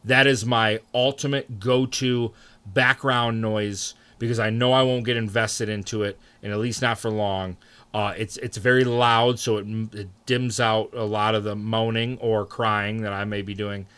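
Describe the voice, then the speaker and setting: A man's voice: unhurried, clear, resonant tone. A young man streaming, chatting casually with his viewers, swearing freely and jumping into mock outrage. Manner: animated, swears freely, answers chat, jumps into high mock outrage. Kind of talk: casual live-stream chat.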